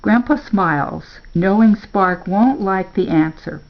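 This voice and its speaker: An older woman reading a children's story aloud in a slow, measured way. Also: mid-range voice, muffled recording.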